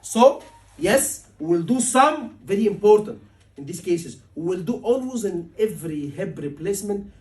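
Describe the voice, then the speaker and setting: A man teaching a surgery exam class, animated and asking his students questions often, acting out patient lines. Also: sits high, moderate pace. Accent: Liverpool. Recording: voice from a distance.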